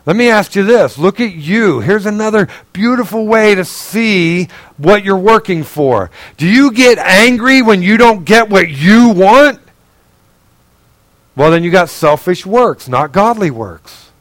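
A male pastor preaching in a conversational, earnest way, asking the congregation direct questions and swinging between raised, emphatic passages and quiet, low asides. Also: lively intonation, a little slow, no echo, rough recording. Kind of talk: sermon.

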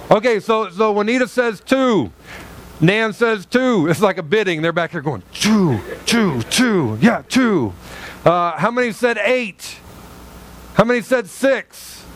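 A man's voice: high voice, a bit bright, a little hiss or hum. A man preaching a conversational sermon, joking with his congregation, quizzing them and acting out quotes from the story. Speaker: pastor. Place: church sanctuary.

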